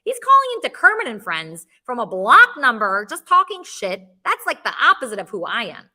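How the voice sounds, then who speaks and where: A woman's voice: a little high, wildly swooping pitch, moderate pace, bright, forceful tone. A woman hosting a call-in show, talking bluntly and rambling in casual chat. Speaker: podcast host.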